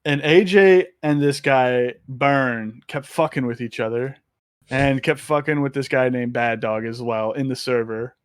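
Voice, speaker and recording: A man's voice: medium pitch, measured pace, clear, resonant tone, no room sound, studio quality. A young man, a podcast guest, telling stories in casual chat, swearing often and laughing as he talks. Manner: profane, laughing, animated storyteller.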